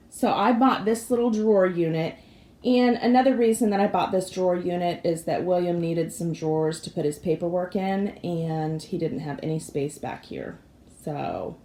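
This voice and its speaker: A hoarse woman in her forties with a raspy voice, chatting casually and apologetically as she gives a tour of her craft room. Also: medium pitch, dark tone. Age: 40s. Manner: chatty and apologetic, with frequent fillers. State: hoarse from allergies. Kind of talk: casual home tour chat. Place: craft room and home office indoors.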